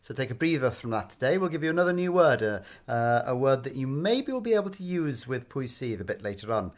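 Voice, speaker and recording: A man giving a patient, gently coaxing bedtime language lesson. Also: mid-range voice, sing-song, brisk. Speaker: language teacher.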